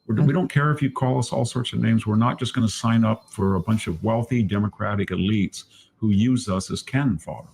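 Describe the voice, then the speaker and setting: A man giving opinionated political commentary, animated and stammering, often mimicking his opponents. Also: lowish voice, brisk, gravelly, slight background noise.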